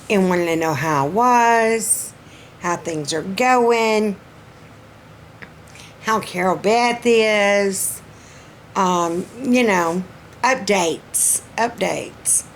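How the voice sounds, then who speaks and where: A middle-aged vlogger with a warm Southern accent and a mid-range voice gives her viewers a casual personal update, taking her time in a folksy, chatty way with lots of pauses and restarts. Her throat sounds more strained as she continues, and faint noise runs beneath the recording.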